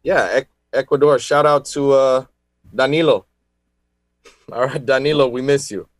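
A man co-hosting a radio show, presenting history facts with halting speech, fillers and deadpan puns. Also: mid-range voice, no room sound. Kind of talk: casual radio banter. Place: radio studio.

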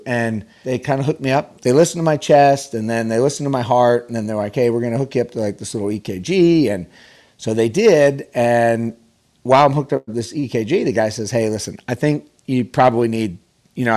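Animated man telling a story. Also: mid-range voice. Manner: animated, acts out quoted voices, many restarts. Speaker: podcast guest, pro golfer. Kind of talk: casual storytelling.

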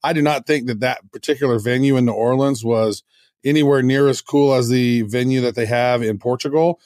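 A man co-hosting a podcast chats casually and enthusiastically, rambling and restarting his sentences. His voice is medium-pitched and a little mellow, with fairly even intonation and a fairly quick pace. The recording is dry and clean, with studio sound.

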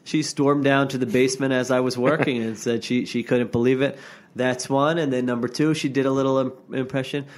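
A man's voice: medium pitch, fairly even intonation, fairly quick. A man with a mid-range voice co-hosts a casual sports podcast over a remote call. He teases listeners and his partner with a dry, sardonic edge. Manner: teasing, sardonic banter. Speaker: podcast co-host.

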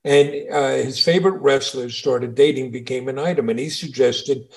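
A middle-aged man from New York co-hosting a casual show, telling jokes and reading news stories in an animated way. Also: medium pitch, normal speed. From New York, USA. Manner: animated storyteller, reads stories aloud. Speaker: podcast co-host, father. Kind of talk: casual chat.

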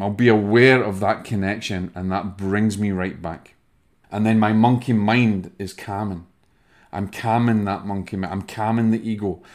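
A man with a Scottish accent hosting a spiritual podcast, calmly guiding listeners through a breathing exercise. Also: fairly low pitch. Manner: soft, soothing, guiding breathing. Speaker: podcast host, medium. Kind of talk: spiritual self-help talk.

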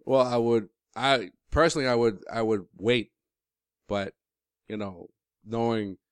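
A man's voice: mid-range voice, steady tone, measured pace, clean tone, no room sound, studio quality. A man co-hosting a casual sports podcast, rambling with many restarts and fillers. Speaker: podcast co-host.

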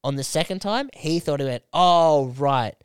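A young man co-hosting a podcast, telling an animated story in casual chat and putting on other people's voices. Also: fairly high pitch, a little fast, smooth, no echo, clean studio sound. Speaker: podcast co-host.

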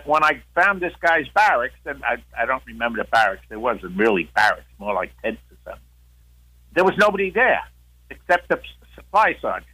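A man's voice: on the high side, sharp tone, low-quality recording. An older man, a guest on the show, telling a long story in a casual way, with many restarts and acted-out quotes.

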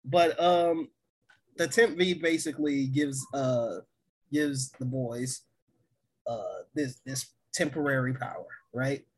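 A man co-hosting a podcast, talking in a casual, excitable way with lots of fillers and laughs. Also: mid-range voice, takes it slowly, slightly rough. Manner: excited, laughs often, many fillers and restarts. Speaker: podcast co-host. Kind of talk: casual chat.

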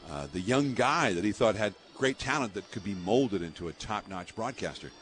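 Speaking at a moderate pace in a lowish voice, an older baseball broadcaster from the San Francisco Bay Area tells stories in an interview, laughing often and leaning on lots of fillers as his anecdotes flow.

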